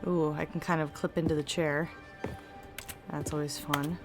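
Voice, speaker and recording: A woman's voice: low voice, level tone, normal speed. A woman streamer giving chatty, giggly commentary over a game. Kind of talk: casual gameplay commentary. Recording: stream audio with game music behind.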